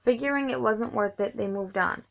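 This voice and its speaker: Gravelly young woman reading a book. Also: fairly high pitch, moderate pace, lo-fi sound. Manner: stumbles and corrects herself often. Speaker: reader of a book. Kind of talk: reading a novelization aloud.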